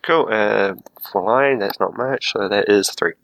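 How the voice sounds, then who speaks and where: A man playing in a tabletop game, casually talking through his character's backstory. His voice is low yet bright, recorded dry and close. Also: measured pace, gravelly, no echo, rough recording. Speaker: player. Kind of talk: tabletop role-play, casual.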